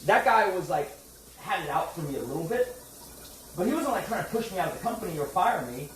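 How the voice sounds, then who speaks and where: A man tells a long, meandering story and swears freely along the way. He acts out each exchange of dialogue, and his higher voice comes from some distance off the mic. The room around him has a clear echo. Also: sing-song, a little fast, a bit bright, slight background noise. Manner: rambling, profane, quotes people in dialogue. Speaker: streamer telling a story. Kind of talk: casual storytelling chat.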